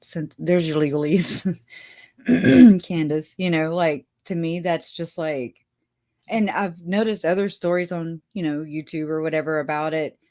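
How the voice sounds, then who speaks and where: A woman's voice: low-pitched, measured pace, warm tone. A woman hosting a casual livestream, chatting with her viewers and laughing often as she talks. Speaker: livestream host.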